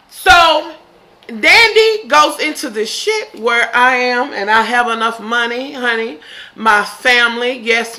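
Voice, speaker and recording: A woman casually recapping a TV episode, swearing freely and shouting in disbelief. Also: fairly high pitch. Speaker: TV episode reviewer.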